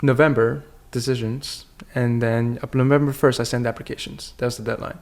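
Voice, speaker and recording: Podcast guest, man, mid-pitched and gravelly, candid storyteller. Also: fairly even intonation, fairly quick, darkish tone. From China. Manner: earnest, candid, with frequent restarts. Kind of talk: personal storytelling in conversation.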